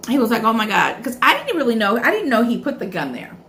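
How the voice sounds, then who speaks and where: A woman's voice: on the high side, very animated, fast, fairly bright tone. A woman vlogger talks through a personal story between bites in a casual, chatty way, calling her viewers "y'all." She acts out her own past lines with real animation. A faint hum sits under her voice. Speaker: food vlogger.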